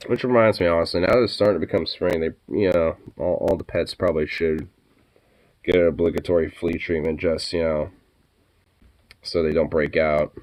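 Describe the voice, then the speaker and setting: A man's voice: deep voice, fairly even intonation, normal speed, a little mellow. A man chatting casually on his vlog in a laid-back way, swearing freely and cooing at his pets. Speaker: vlogger. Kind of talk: casual chat.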